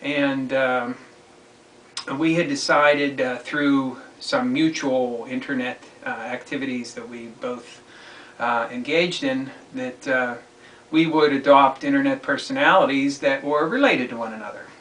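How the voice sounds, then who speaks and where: A man hosting his own online commentary show, talking alone in a halting, deliberate way. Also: mid-range voice, a bit bright. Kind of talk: solo spoken monologue. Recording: echoey room, distant mic, faint noise.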